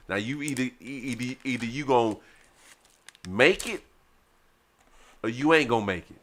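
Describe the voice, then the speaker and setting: A man's voice: medium pitch, normal speed, long pauses, fairly bright tone. A man from Detroit, father of a teenager, co-hosting a podcast in rambling casual talk full of restarts. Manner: rambling, restarts, nudging questions. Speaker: podcast co-host. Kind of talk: casual chat.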